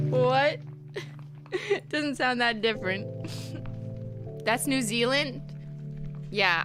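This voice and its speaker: A woman hosting a casual live stream, chatting and laughing often as she opens fan mail. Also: fairly low pitch. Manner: giggly, laughs often, reads letters aloud.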